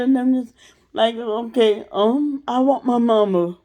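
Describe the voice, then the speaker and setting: A young adult woman telling a profane, animated storytime rant as a vlogger, laughing and acting out voices. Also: fairly high pitch, unhurried.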